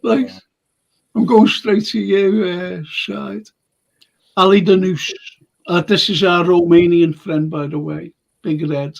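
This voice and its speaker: A man's voice: sits high, little pitch movement, takes it slowly, creaky, dull audio. A man hosting a casual live fan show, reading viewer comments aloud in a jokey way. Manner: jokey, reads comments aloud, slips into playful impressions.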